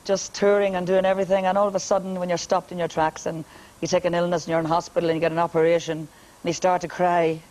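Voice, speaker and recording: Deep-voiced Northern Irish woman. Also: flat delivery, quick pace, darkish tone, rough recording. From Northern Ireland. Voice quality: deep, powerful speaking voice. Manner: hearty, laughs often, comic storyteller. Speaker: singer and guest. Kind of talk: joking TV chat.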